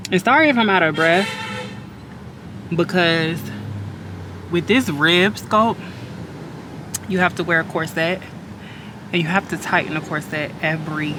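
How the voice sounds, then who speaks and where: Blunt young woman vlogging candidly. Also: low-pitched. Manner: candid, blunt, swears freely. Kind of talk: casual vlog diary. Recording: background noise.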